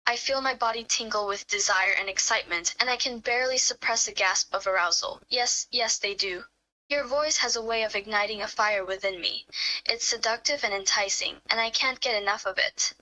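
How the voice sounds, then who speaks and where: A woman voicing a smitten young woman in a fan role-play, speaking in a soft, quavering tone. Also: fairly high pitch, brisk, low-quality recording. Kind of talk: fan role-play reading, first person.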